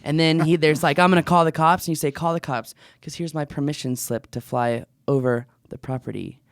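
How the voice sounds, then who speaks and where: Upbeat male podcast host, fairly high voice. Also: fairly even intonation, moderate pace, gravelly, no room sound, studio quality. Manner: jokey, upbeat. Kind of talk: casual podcast chat.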